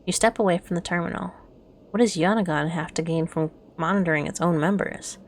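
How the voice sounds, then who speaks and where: Slow soft-spoken woman, gravelly low voice. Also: slight background noise. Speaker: game streamer reading aloud. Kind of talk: soft narration of a story game. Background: faint music.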